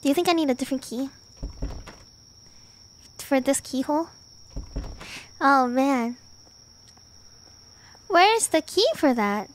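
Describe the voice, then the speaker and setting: A woman's voice: high voice, expressive, slow pace, long pauses. A woman streaming a game in a casual, playful way, chatting with her viewers and breaking into dramatic exclamations. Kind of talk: casual gaming livestream.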